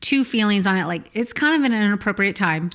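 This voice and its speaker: A woman's voice: medium pitch, lively intonation, fairly quick, a bit bright, clear, resonant tone. A woman co-hosting a podcast in casual chat, making dry, blunt remarks. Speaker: podcast co-host.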